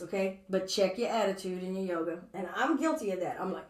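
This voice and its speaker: A woman's voice: mid-range voice, expressive, a little fast, hardly any pauses. A woman teaching a live yoga class, chatty and playful as she talks through her own movements. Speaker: yoga instructor. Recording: echoey room, distant mic.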